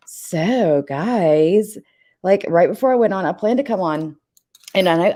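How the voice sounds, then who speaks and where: Woman host, rambling casual livestream chat, voice on the lower side, greets viewers by name. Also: a little mellow.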